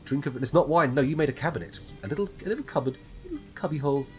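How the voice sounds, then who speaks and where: A man's voice: a little high, lively intonation, rapid-fire. A man from the UK giving casual, wry commentary while streaming a game live, reading item text aloud and swearing in jest. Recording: faint background game music.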